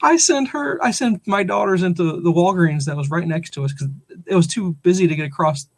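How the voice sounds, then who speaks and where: Slightly high-voiced man telling a rambling story. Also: a little fast. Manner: animated, rambling, laughs through the story. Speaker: podcast host; father. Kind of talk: casual storytelling chat.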